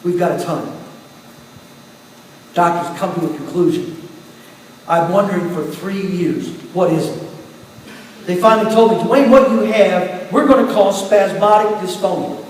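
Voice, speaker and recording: A man with a fairly high voice tells his story as a sermon, talking to the congregation in a conversational way, then jumping up in pitch and loudness. He sounds far from the mic, in a church hall with a long, echoing reverb. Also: measured pace, pauses often. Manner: storytelling, conversational, with sudden rises in pitch and volume. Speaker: guest preacher. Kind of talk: sermon testimony. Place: church sanctuary. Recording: distant mic in a long, echoey church hall with faint room noise.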